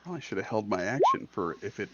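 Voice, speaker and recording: Male player, husky, swings up and down, swears a lot, dull online-call sound. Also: fairly low pitch, heavy background noise. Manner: excitable, swearing, quick to react. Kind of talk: playing a tabletop game. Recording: lo-fi voice chat audio.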